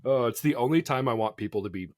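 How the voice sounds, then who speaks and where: A man co-hosting a casual podcast, chatty and animated, laughing often. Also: mid-range voice, fast talker, no echo, studio quality. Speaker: podcast co-host.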